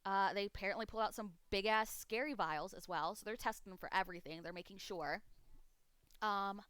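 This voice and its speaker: A woman's voice: medium pitch, brisk, a bit bright, clear, resonant tone, no room sound. Emotional woman streamer holding back tears. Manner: emotional, fighting back tears, rambling with many ums. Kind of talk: casual update to stream chat.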